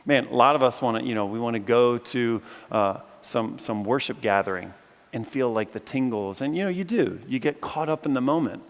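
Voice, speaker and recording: A man's voice: mid-range voice, normal speed. A man preaching a sermon to a live audience, telling a story with energy and bantering with listeners. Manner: animated storyteller, jokes with audience. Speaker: campus chapel speaker. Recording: long reverb of a large hall.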